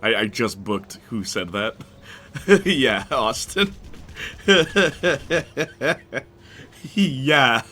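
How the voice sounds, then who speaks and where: A man's voice: mid-range voice, expressive, extremely slow, pauses often, sharp tone. A man live-streaming a video game, chatting casually, joking, giggling and answering viewers' chat messages. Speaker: gaming streamer.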